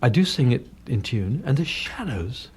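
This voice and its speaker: A man's voice: medium pitch, big pitch swings, moderate pace, a little mellow, slightly rough. A man in his sixties from North London, with an English accent touched by Cockney and a little northern, telling anecdotes in a chatty, self-deprecating way in a radio interview. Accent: English, slightly Cockney and northern. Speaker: guest singer. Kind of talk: casual interview chat. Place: radio studio.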